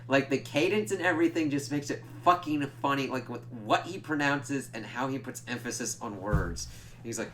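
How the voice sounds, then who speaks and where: A man's voice: mid-range voice, lively intonation, normal speed, fairly bright tone. Man casually recapping a TV episode. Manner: loose, profane, full of "like" fillers. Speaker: TV reviewer.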